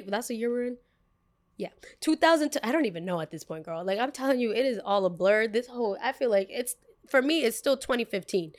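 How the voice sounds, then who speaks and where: A young woman hosts a podcast and spins a long personal story in a loose, chatty way. She leans on "like" constantly and slips into the voices of the people she quotes. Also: mid-range voice. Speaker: podcast host.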